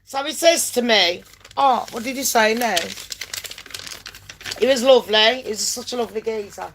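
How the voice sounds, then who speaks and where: A woman in her late thirties from England, telling a story in a brash, sweary and animated way and acting out phone calls in voices. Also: a little high, normal speed, long pauses. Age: late 30s. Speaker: vlogger. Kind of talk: casual storytelling rant.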